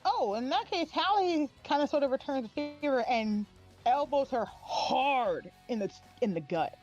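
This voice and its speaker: Animated female player, quippy, swinging pitch, muffled mic. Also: soft background music. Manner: lively, reactive, quick to quip. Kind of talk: playing a tabletop game.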